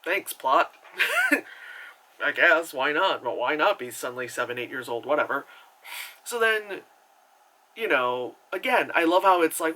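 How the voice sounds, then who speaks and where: Man, movie review vlog, bright tense voice, a bit high, rambling, sarcastic, loads of fillers. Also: expressive, moderate pace, low-quality recording. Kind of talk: casual movie review rant.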